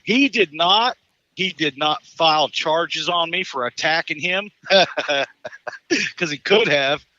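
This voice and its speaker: A man in his fifties, a caller on a live talk show, telling a profane, animated story with stumbling restarts and laughs. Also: fairly high pitch, slow, pauses often, dry recording, muffled recording.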